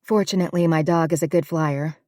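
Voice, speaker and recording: A woman narrator voicing a young woman, an easygoing dog owner, in a plain, relaxed manner. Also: sits low, fairly quick, no echo, studio quality, close to an everyday voice. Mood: friendly.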